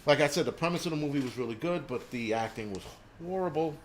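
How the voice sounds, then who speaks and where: A man's voice: a little high, animated, fast talker, a little hiss or hum. A man hosting a live stream, ranting casually and profanely with lots of fillers.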